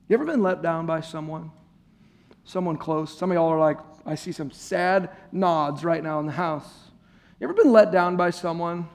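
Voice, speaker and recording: A man's voice: a little high, moderate pace. A man preaching a sermon to a congregation in a church, conversational and playful, joking with his listeners. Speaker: pastor. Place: church service before a congregation.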